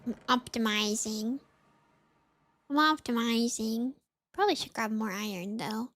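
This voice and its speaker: A woman's voice: a little high, a little slow, a bit bright, no echo. A young woman from the US South with a light Southern accent, sounding sniffly and congested, chatting in a rambling way full of "like" while streaming a game. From US South (Florida, Mississippi). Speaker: VTuber streamer. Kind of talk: casual gaming stream chat.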